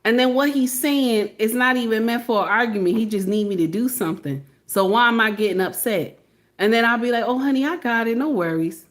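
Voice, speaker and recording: A woman hosting a reaction video, talking in a loud, theatrical way with frequent swearing and laughter. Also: on the high side, brisk. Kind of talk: animated reaction commentary.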